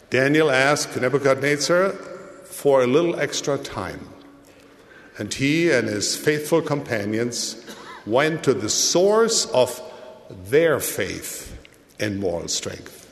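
Slow, measured male preacher in a hall. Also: mid-range voice. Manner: slow, measured delivery with dramatic rises and drops. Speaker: church leader. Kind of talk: sermon. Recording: long hall reverb.

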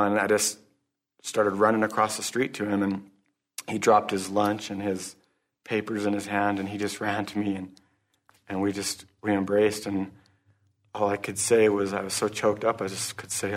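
A man giving an earnest, halting personal testimony at a recovery meeting, closing in prayer. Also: lowish voice. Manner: halting, earnest, restarts often; religious, closes in prayer. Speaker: speaker sharing at a recovery meeting.

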